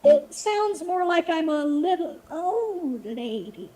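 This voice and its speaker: A man's voice: animated, takes it slowly, warm tone, slight background noise, exaggerated voice. A man using a voice-changer effect that makes him sound like a young woman, talking playfully. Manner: playful, self-mocking. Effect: pitch-shifting voice changer.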